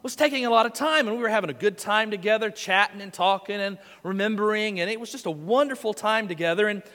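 Male pastor, high and bright, folksy sermon storyteller in a reverberant hall. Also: quick pace. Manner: storytelling, folksy and animated, with quoted voices.

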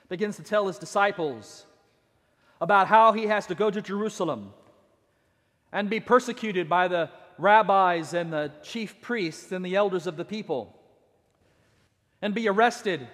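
A man's voice: high voice, fairly bright tone. A man preaching a sermon, telling the story with dramatic swings and acting out the quotes. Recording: long hall reverb.

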